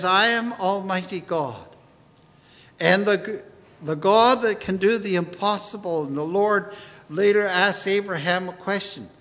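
High-voiced, unhurried male preacher. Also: a bit bright, in a large hall. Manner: earnest, unhurried preaching with scripture quotes. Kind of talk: sermon.

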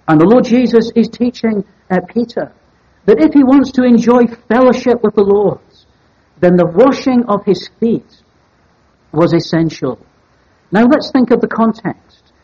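A man preaching an evening Bible sermon in a measured, deliberate way, stressing key words as he teaches. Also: sits high, dark tone, slightly rough. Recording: dull lo-fi sermon recording.

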